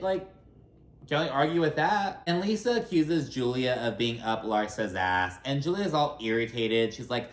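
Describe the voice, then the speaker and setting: A man talks through a reality TV episode in casual recap mode, blunt and profane, packed with fillers. His voice sits at an ordinary middle pitch. The room around him is noticeably echoey. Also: animated, moderate pace. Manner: chatty and blunt, heavy filler and profanity, acts out cast members in quotes.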